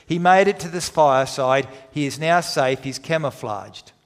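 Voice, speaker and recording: A man preaching a sermon, retelling scripture dramatically with emphatic pauses. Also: fairly high pitch. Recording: long hall reverb.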